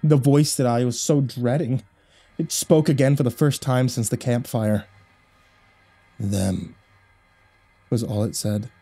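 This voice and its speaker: A man reading a first-person horror story aloud, measured with dramatic swells. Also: mid-range voice, dark tone.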